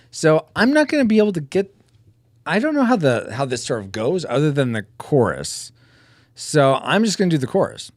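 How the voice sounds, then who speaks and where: A man's voice: on the high side, very animated, moderate pace, pauses often, no echo, clean studio sound. A man live-streaming while drawing pixel art, chatting casually and joking about himself to his viewers. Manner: chatty, self-mocking, talks to chat.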